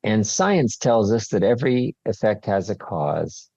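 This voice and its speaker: Man, author guest, slow deliberate talk, warm dark tone, dry dull sound. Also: on the low side, expressive, gravelly, no room sound. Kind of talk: casual chat.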